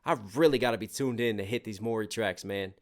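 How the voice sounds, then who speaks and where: A man's voice: on the low side, a little fast. A man hosting a music reaction channel, chatting casually and eagerly picking apart the lyrics as he thinks aloud.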